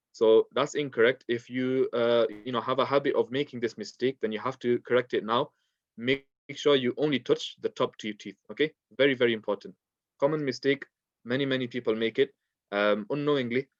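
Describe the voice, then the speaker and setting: A man's voice: medium pitch, no room sound, dull audio. Patient man teaching in a dry room. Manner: patient, repetitive explanations with many fillers. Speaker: Quran recitation teacher. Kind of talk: classroom teaching.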